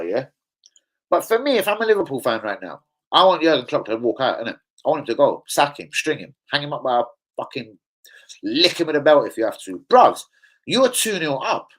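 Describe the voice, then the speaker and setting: A man's voice: a little high, normal speed, poor audio. A man hosting a fan channel, chatting casually about football, full of slang and swearing. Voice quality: profane, animated, slang-heavy. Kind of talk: casual livestream chat.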